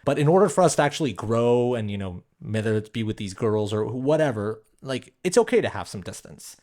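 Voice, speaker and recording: Podcast co-host, male, lively up-and-down delivery, loose and casual, filler-heavy. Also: mid-range voice, fairly quick. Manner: animated, full of "like" and "you know". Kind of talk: casual film discussion.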